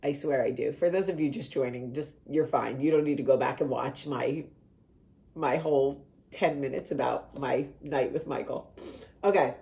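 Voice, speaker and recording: Low-voiced, chatty woman host. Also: moderate pace, creaky. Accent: New Jersey. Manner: animated, chatty, swears freely, laughs at own stories. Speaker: show host. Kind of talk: casual storytelling chat.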